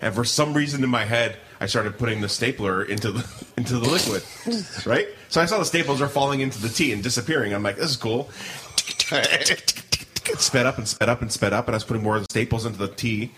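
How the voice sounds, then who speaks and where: A man's voice: mid-range voice, fast, a bit bright, slight background noise. A middle-aged man co-hosting a podcast, telling a rambling story with lots of restarts and laughter in casual chat. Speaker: podcast co-host.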